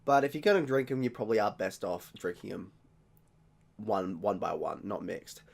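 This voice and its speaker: An Australian man talking casually in a beer-tasting vlog, rambling, jokey and quick to mock himself. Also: on the low side, vocal fry. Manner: rambling, jokey and self-mocking. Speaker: vlogger.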